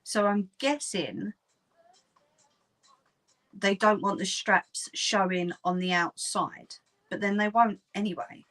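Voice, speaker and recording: A woman's voice: mid-range voice, unhurried, a bit bright, rough recording. A woman with a Cockney accent who hosts a casual live sewing chat, talking to her viewers as she works and often laughing. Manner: chatty, laughs often, talks to viewers while working. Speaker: sewing livestream host.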